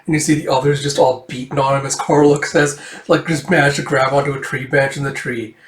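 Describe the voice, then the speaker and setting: A man's voice: medium pitch, level tone, a little fast, a bit bright. A man casually reading through a comic, rambling with fillers and acting out the dialogue. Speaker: manga reader. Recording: echoey room, distant mic.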